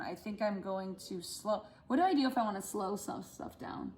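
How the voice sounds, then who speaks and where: A woman drama teacher at home, talking through how she marks up a script and thinking her choices out loud. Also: medium pitch, moderate pace, hardly any pauses. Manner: talks through her choices aloud, self-instructing. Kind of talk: demonstrating script rehearsal at home.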